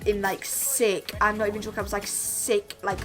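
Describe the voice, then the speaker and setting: A woman's voice: medium pitch, flat delivery, normal speed, fairly bright tone, soft background music. A young woman telling a chatty story to camera, full of "like" and "literally". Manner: chatty, constantly says "like" and "literally". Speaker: vlogger. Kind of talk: storytime monologue.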